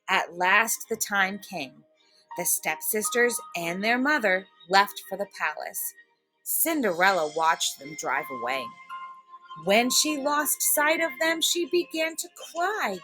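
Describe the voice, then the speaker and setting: A woman teacher reading a fairy tale aloud for a lesson, slow, expressive and clearly enunciated. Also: medium pitch, rough recording. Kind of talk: storybook read-aloud lesson.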